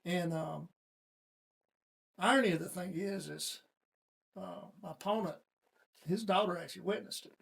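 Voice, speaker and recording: A middle-aged man speaks as an interview guest, recounting events in a casual, folksy manner. His voice sits high for a man and is heavily gravelly. It also carries a husky edge. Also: normal speed, pauses often. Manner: folksy, plain-spoken storyteller.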